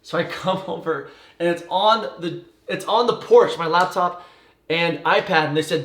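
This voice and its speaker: A man telling a personal story in a casual, animated way, tumbling through details with fillers and swearing. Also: on the high side, normal speed. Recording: echoey room.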